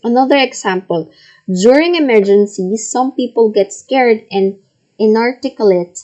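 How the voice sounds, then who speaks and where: A woman's voice: a little high, dark tone, low-quality recording. A woman teaching a recorded reading lesson, patiently reading out word lists and checking answers. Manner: slow, patient, repeats and models each word.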